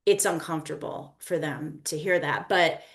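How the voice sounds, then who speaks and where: A woman's voice: low voice, normal speed. Chatty woman co-hosting a podcast. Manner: chatty, animated storytelling, many "you know" fillers. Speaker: guest co-host. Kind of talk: casual chat.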